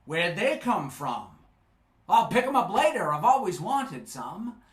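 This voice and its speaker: A man's voice: high-pitched, sing-song, measured pace, pitched above the performer's own voice. Man doing a stubborn cussing old fisherman. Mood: gruff, defiant. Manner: blunt and cussing. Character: grumpy, stubborn male weir fisherman. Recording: echoey live stage.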